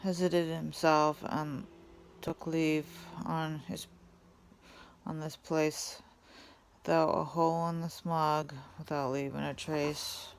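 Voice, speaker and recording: A woman reading a storybook aloud in first person, softly and ruefully. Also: low-pitched, level tone, slow, slight background noise. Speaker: reader. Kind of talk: storybook read-aloud narration.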